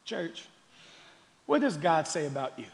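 A male pastor preaching a sermon, calling the congregation y'all and swinging between quiet questions and shouted declarations. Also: a little high, sing-song, a little slow, gravelly. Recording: long hall reverb.

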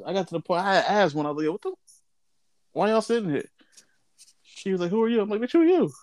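A young man co-hosting a podcast, excitable and interjecting with slang and swearing in casual chat. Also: sits high, fast talker, no room sound. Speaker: podcast co-host.

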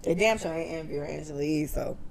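A woman's voice: deep voice, quick pace, vocal fry, a little mellow, slight background noise. A woman co-hosting a casual podcast, talking bluntly and profanely and giving strong opinions. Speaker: podcast co-host.

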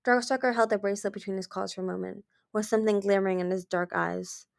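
A woman's voice: mid-range voice, steady tone, fast, vocal fry, no room sound, studio quality. Woman reading a storybook aloud. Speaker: audiobook reader. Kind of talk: storybook narration.

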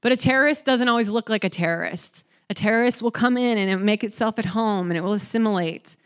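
A young woman preaching a conversational sermon, animated and talking to the congregation, acting out scenes. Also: fast. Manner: animated, conversational, acts out the disciples with rising pitch.

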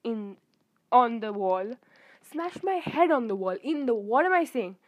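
A young woman telling a rambling, animated story to her viewers in casual chat, gushing with emphatic bursts. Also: fairly high pitch, a little slow, no room sound, poor audio. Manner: rambling with fillers and self-corrections. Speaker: vlogger.

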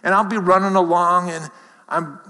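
A man's voice: high voice, fairly even intonation, moderate pace, pushed and bright. A man preaching a sermon as pastor, conversational and self-deprecating, asking the congregation rhetorical questions. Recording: reverberant hall.

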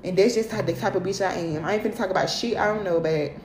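A woman's voice: mid-range voice, very fast, a little mellow, reverberant, a little hiss or hum. A woman speaking in as the host of a livestream, giving profane motivational talk and repeating "period" and "okay".

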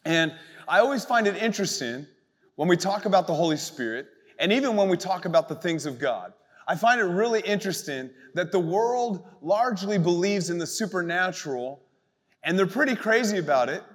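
A man preaching a live youth sermon, animated and conversational, full of asides, to an audience in a church. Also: sits high, a little fast, big-room sound. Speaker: youth pastor.

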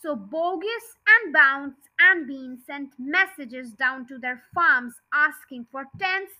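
A woman reading a chapter of a children's book aloud, slowly and carefully. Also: high voice, expressive, sharp tone, poor audio. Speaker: storybook reader.

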